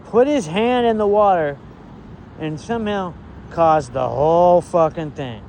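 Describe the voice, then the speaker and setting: A man's voice: a little high, a little slow, darkish tone, a little hiss or hum. A man vlogging to camera in an angry, rambling rant, swearing heavily and sounding exasperated.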